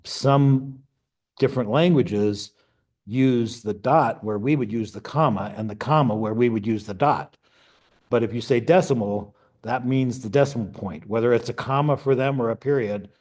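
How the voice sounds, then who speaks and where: A man's voice: lowish voice, darkish tone. A middle-aged man teaching an amateur radio class, explaining step by step in a conversational way and checking in with "okay?" and "right?". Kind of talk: classroom lecture.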